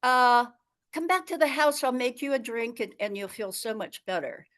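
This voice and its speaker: A man's voice: very high-pitched, lively intonation, normal speed, fairly bright tone. A woman voicing her cheerful, oblivious husband in a told story. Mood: breezy. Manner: breezy, oblivious.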